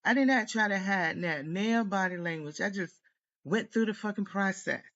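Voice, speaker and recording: A woman's voice: medium pitch, moderate pace, a bit bright, dull audio. A woman tarot reader delivering a heated, profane, rambling rant straight to camera. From United States. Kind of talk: venting monologue to camera.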